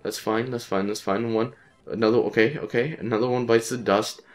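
A man with a sick voice giving casual let's-play commentary, frustrated and swearing, repeating phrases in quick bursts. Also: medium pitch, fairly even intonation. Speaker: gaming channel host.

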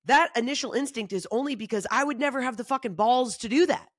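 A woman comedian talking in a casual solo monologue, animated and swearing freely, acting out other people's voices. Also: quick pace, no room sound, clean studio sound. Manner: acts out quoted voices in shifting pitch. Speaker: comedian and podcast host.

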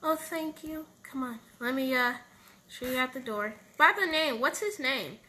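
A woman's voice: sits high, normal speed, pushed and bright. A woman voicing characters in a casual game roleplay, playful and switching between voices.

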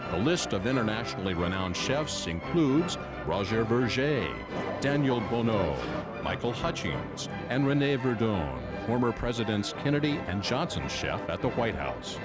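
Lively documentary narrator man. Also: lowish voice. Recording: voice-over with loud music and crowd. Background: loud music and crowd.

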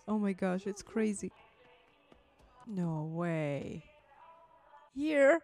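A woman's voice: mid-range voice, lively intonation, extremely slow, creaky, a little mellow, faint music behind. A woman hosting a movie reaction who talks with strong emotion, exclaiming and speaking straight to her viewers. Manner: exclaiming and addressing viewers as guys.

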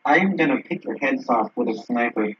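A man's voice: medium pitch, animated, brisk, breathy edge. A young man chatting with friends while playing a shooter, making dry, teasing quips over a lo-fi line. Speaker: gaming friend. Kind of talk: casual gameplay banter.

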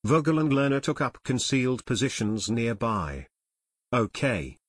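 A man's voice: mid-range voice, lively intonation, moderate pace, no echo, studio quality. A man narrating an audiobook expressively, voicing every character.

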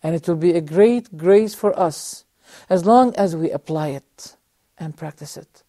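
A middle-aged man teaching a religious lesson on a TV program, telling a story earnestly with measured pauses and rhetorical questions, speaking straight to his audience. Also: a little high, warm tone, dry recording. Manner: addresses the audience directly. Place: TV studio.

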